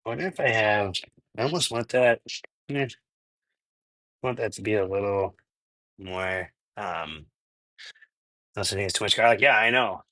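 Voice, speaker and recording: A man's voice: fairly low pitch, moderate pace, long pauses, bright, forceful tone, dry recording, low-quality recording. A man from Minnesota hosting a casual live cooking stream from his home kitchen, chatty and rambling, laughing often and answering chat. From Minnesota, US Midwest. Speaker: cooking channel host.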